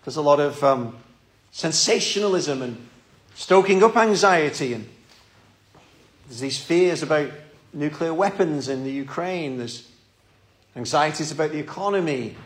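A man's voice: on the high side, lively intonation, a little slow, long pauses. A man preaching a sermon in a church, earnest and pleading, often repeating his words.

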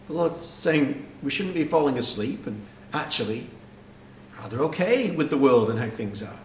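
A man's voice: mid-range voice, sing-song, moderate pace, a little hiss or hum. A man preaching a sermon with earnest urgency, posing rhetorical questions to his listeners. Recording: echoey room.

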